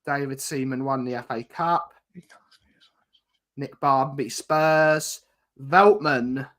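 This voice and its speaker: A man's voice: medium pitch, slow pace, fairly bright tone. A man from England co-hosting a football podcast, reeling off player names and correcting his co-host. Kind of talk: casual chat while playing a football quiz.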